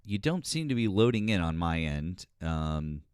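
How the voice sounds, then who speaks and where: A man hosting a casual live stream chat, talking haltingly with many fillers and restarts. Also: deep voice, very animated, darkish tone, clear, resonant tone, no room sound, clean studio sound.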